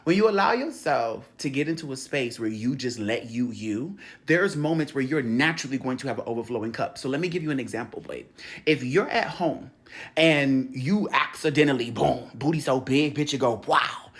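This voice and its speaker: Profane, animated spiritual coach. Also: mid-range voice, brisk. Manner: profane, animated and laughing, slangy street talk; tells stories acting out quoted voices. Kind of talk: casual spiritual coaching talk.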